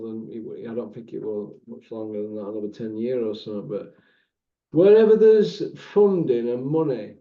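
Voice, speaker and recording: A man hosting a casual chat, animated and bantering, swearing freely. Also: mid-range voice, reverberant. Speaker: channel host. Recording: dull lo-fi sound.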